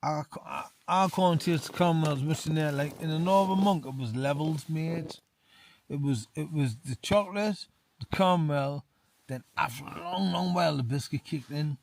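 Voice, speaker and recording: Brief: man, slightly drunk, chatty vlogger, fairly high voice, close mic in a tent. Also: moderate pace, slight background noise. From England. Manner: chatty, says "mate" constantly, repeats himself. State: tipsy. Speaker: outdoor vlogger. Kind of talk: casual beer review to camera. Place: small tent in winter hills.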